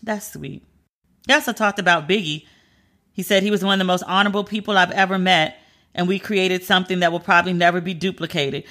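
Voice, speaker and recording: Host brief: woman, bright forward tone, candid chatty celebrity-news commentator, emphatic asides. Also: on the low side, fairly even intonation, fairly quick. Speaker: pop culture commentator.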